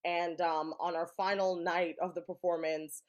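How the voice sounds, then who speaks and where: A woman guest on a podcast telling lively stories about her life, laughing often and acting out what others said. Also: fairly low pitch, normal speed, dull audio. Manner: animated, laughs often, acts out quotes. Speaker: guest actor. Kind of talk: casual interview storytelling.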